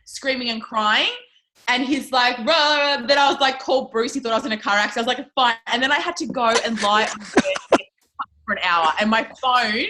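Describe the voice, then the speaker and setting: A woman's voice: fairly high pitch, brisk, pushed and bright, a little hiss or hum, low-quality recording. A woman telling a story in a casual interview, chatty and swearing freely, with lots of "like" fillers. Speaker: interview guest, network marketing leader.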